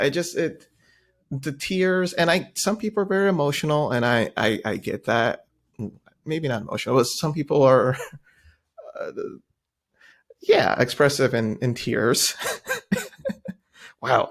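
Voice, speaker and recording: A man co-hosting a casual podcast, with a pitch that swings widely as he jokes and laughs. He talks in an animated way and breaks into playful mocking impressions of other people. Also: creaky. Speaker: podcast co-host. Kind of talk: casual chat.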